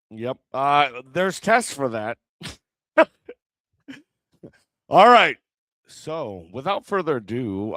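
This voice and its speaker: A man's voice: fairly high pitch, pushed and bright, clean tone, no echo. A man hosting an open mic, chatting in a rambling, hesitant way between acts. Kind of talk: casual emcee banter.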